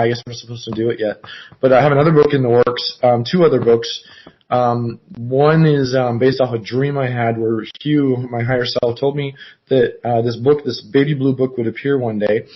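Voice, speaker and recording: A man rambles over a video call, halting and restarting as he goes. His voice stays flat and even, with little rise or fall. The audio is dull and lo-fi. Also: medium pitch, a little hiss or hum. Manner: meandering, halting, many fillers and restarts. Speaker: caller. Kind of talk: rambling casual chat.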